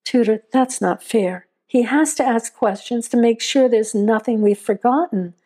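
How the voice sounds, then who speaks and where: Woman voicing a middle-aged dad, quiet, steady, dark-toned, audio story. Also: a little high, a little slow, breathy edge. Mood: firm. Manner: quiet, soothing.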